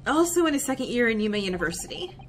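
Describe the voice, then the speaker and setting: A woman's voice: fairly high pitch, big pitch swings, fast talker, a little hiss or hum. Woman voicing an earnest young male student. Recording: faint game music behind.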